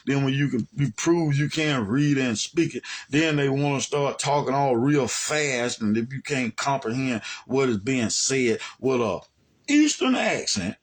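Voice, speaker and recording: A man from Alabama with an Alabama accent, giving a heated monologue rebuttal as a religious teacher. He talks in a colloquial, combative way. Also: mid-range voice. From Alabama, USA. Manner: colloquial and combative, repeating "man" and "you see what I'm saying".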